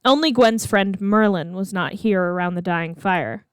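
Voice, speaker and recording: A woman reading her own fan fiction aloud in a steady, expressive storytelling voice. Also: medium pitch, a little slow, clear, resonant tone, no echo, studio quality. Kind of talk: storybook read-aloud narration.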